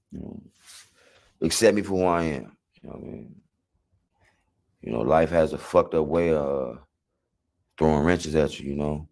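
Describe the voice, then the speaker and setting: Interviewee, man with an LA accent, very deep voice, loose street-slang storyteller who curses freely. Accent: Los Angeles. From South Central Los Angeles. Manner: slangy, rambling, profane, acts out voices loudly.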